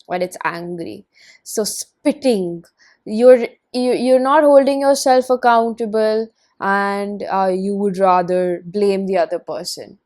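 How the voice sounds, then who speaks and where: A woman's voice: medium pitch, a little mellow. A woman giving a tarot card reading, talking emphatically and repeating phrases for stress. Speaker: tarot reader.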